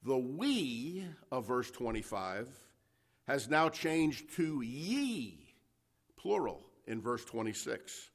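A man's voice: mid-range voice, big pitch swings, slow pace. A man preaching an expository sermon to a congregation, emphatic and full of rhetorical questions. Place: church service before a congregation.

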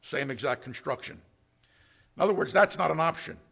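Man, pastor, gravelly voice, slightly high, emphatic sermon delivery, rhetorical questions. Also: lively intonation, fairly quick, a bit bright. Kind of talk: expository sermon.

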